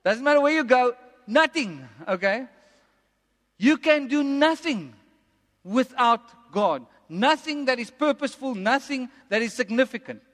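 A man preaching a sermon as pastor, emphatic and repeating lines slowly for effect. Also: extremely high pitch, lively intonation, fairly bright tone. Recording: long reverb of a large hall.

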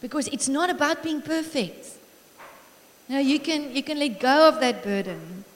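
A middle-aged woman preaching a sermon in a church hall, warm and encouraging, telling family stories with frequent laughter. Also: sits high, moderate pace. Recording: long reverb of a large hall.

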